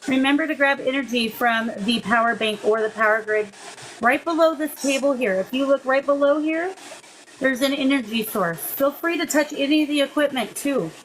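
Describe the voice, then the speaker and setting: A woman hosting a paranormal investigation, gently coaxing a spirit in a soft, encouraging way and calling it "darling.". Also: sits high, moderate pace, poor audio. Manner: gentle, coaxing, calls the unseen listener "darling" and "sweet pea". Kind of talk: live spirit-communication session. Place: indoors beside a table of ghost-hunting gear.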